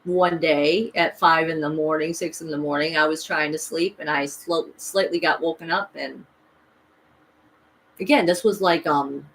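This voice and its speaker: A woman's voice: deep voice, fairly even intonation, a little slow, fairly bright tone, slight background noise, low-quality recording. A woman vlogging a rambling, emphatic personal story, full of restarts and voices she quotes. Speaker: spiritual vlogger.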